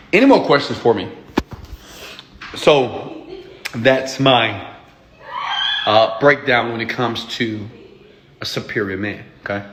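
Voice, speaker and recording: A man's voice: mid-range voice, a bit bright, slight background noise. A man who is an entrepreneur and mentor, lecturing his viewers bluntly and emphatically, swearing and checking in with "okay?". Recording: echoey room.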